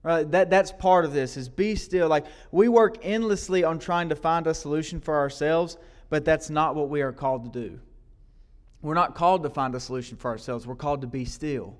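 Preaching as a guest at a church service, this man talks at a normal speed in a fairly high voice. He keeps the sermon loose and chatty, repeating himself and often ending lines with "right?" He regularly poses questions and prompts to the congregation.

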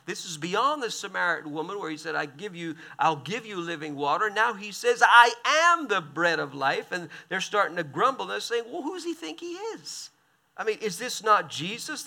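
A male preacher delivers a sermon, reading passages aloud and cutting in with quick, animated comments. His voice sits high and sounds bright and tense, with a gravelly edge. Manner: animated, quick asides between read passages.

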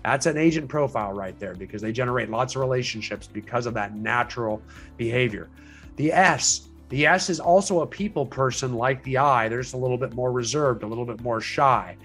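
A man's voice: mid-range voice, a little fast, a bit bright, faint music behind. Man coaching agents, conversational, restarting. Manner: conversational, explanatory, frequent restarts and fillers. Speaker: real estate sales coach. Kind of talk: teaching a training session.

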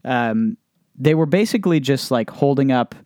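A man's voice: mid-range voice, animated, darkish tone, clear, resonant tone, dry recording. Young dude in his apartment, lots of ums, explains stuff, dry close mic. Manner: halting, full of ums, shares fun facts. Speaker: podcast co-host. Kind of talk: casual chat.

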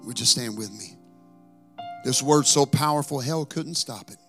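A male pastor preaching a sermon, chanting scripture in a sing-song rhythm that rises to shouting. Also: medium pitch, moderate pace, soft background music.

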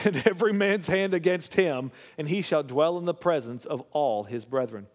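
A man's voice: fairly high pitch, moderate pace. A male pastor preaching a sermon, reading scripture aloud and then commenting, often checking in with the congregation. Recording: long hall reverb.

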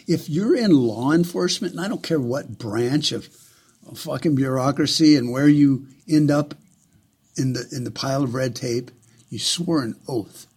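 A man delivering a heated, profane, sarcastic ranting monologue in a husky voice. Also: medium pitch, normal speed, darkish tone.

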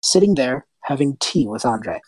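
A man's voice: medium pitch, animated, moderate pace, a little mellow. A man narrating a tabletop game as game master, in a loose, chatty way with asides.

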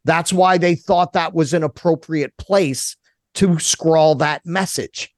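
A man's voice: a little high, slow pace, no echo, studio quality. A man from Brooklyn, a guest on a political radio show, speaking in an impassioned, indignant way. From Brooklyn, New York. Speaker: guest commentator. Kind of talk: political talk radio interview.

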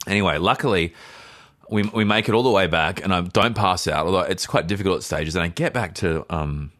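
A man telling a story in a casual podcast chat, animated, often repeating words as he gets excited. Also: sits low, a little fast, no room sound. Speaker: podcast co-host.

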